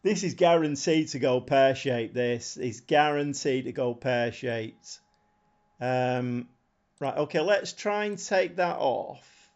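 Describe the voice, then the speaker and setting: A man's voice: medium pitch, takes it slowly, a little mellow, highs cut off. A man chatting casually on a live stream, thinking aloud in a rambling way and chuckling often. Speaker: game streamer.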